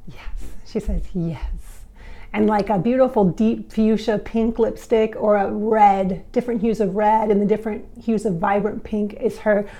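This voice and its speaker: A woman's voice: medium pitch, fairly even intonation, normal speed, mellow. A woman hosting a spiritual vlog, talking in an effusive, giggly way with frequent laughs. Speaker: channeler and vlog host. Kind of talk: casual spiritual vlog talk.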